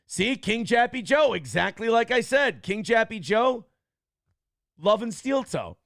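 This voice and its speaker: Male talk show host, combative and boastful, gravelly voice, dry close sound. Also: very high voice, big pitch swings, a little slow, a bit bright, no room sound. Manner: boastful and combative, lecturing the audience. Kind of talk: livestream talk show monologue and reading super chats.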